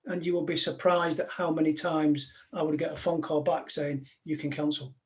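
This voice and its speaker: A man's voice: fairly high pitch, little pitch movement, moderate pace. A man, a former police negotiator, giving a live talk to an audience in a direct, conversational way, full of anecdotes.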